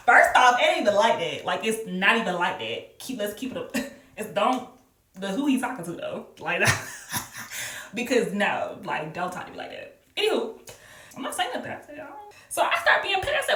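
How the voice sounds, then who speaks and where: A woman casually telling a work story on camera, animated and laughing often as she acts out what people said. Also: mid-range voice, brisk. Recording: roomy echo, mic a little far off.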